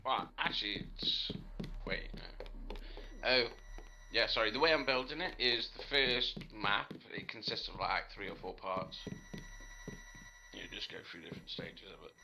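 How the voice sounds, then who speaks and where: A man chatting casually about the game he is building, animated and quick to swear, defending his work. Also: fairly low pitch, gravelly, background noise. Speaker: game developer. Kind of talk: casual chat.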